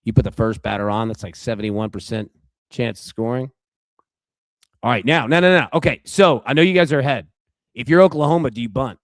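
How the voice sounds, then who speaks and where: A man's voice: medium pitch, fast talker, no echo, clean studio sound. Chatty man hosting a live stream. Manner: loose and chatty, many fillers and restarts, reacting to the game. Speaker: live sports betting show host. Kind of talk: casual live-stream chat.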